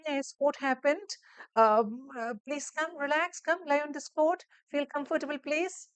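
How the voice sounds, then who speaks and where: A woman voicing a gentle, reassuring nurse in an emergency ward, speaking in a slow sing-song way. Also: mid-range voice, dry recording, pitched above the performer's own voice, close to an everyday voice. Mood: soothing. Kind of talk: role-play demonstration.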